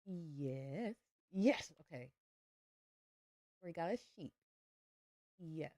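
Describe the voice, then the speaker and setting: A woman's voice: low voice, expressive, slow pace, long pauses, dark tone, dry recording, clean studio sound. A young adult woman streaming a farming game, chatting playfully with her viewers. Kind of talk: casual livestream chat while gaming.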